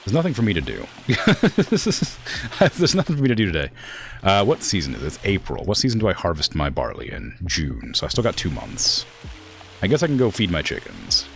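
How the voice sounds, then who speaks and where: A man's voice: sits low, wildly swooping pitch, a little fast, creaky, a bit bright, soft background music. A young man streaming a farming game and chatting casually, with a blunt, direct way of talking that stresses words hard and can sound accusatory. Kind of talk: casual gameplay commentary.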